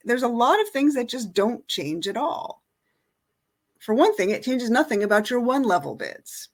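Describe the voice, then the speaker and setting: A woman's voice: on the high side, animated, a little slow. A middle-aged woman teaching an online lesson, explaining in a casual way with many fillers. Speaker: bridge teacher.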